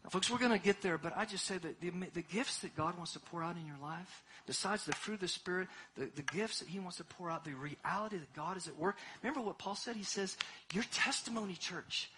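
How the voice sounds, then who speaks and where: A man preaching a sermon as pastor, impassioned, swinging between hushed asides and loud exhortation. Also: sits high, a little fast, a little hiss or hum.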